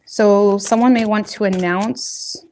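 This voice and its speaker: A woman's voice: medium pitch, steady tone, takes it slowly, a little mellow, a little hiss or hum. A woman giving a casual tarot reading, talking straight to her viewers in a loose, rambling, colloquial way. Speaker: tarot reader.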